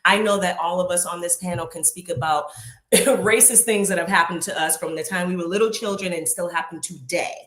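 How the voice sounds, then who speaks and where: A woman from Boston joins a panel talk as a guest. Her voice sits on the low side and carries a roomy echo. She speaks earnestly and conversationally, slowing down on key points. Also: steady tone, a bit bright. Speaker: panel guest, real estate broker. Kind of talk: casual panel discussion. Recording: echoey room.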